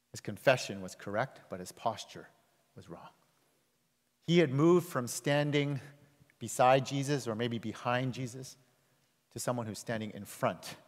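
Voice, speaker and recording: A man preaches a sermon in a large hall, his voice sitting at a middling pitch. He pushes phrases up loud and high for emphasis, then sinks to quiet, low endings. A long reverb trails behind every line. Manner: emphatic, swings between loud rises and soft low drops. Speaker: pastor.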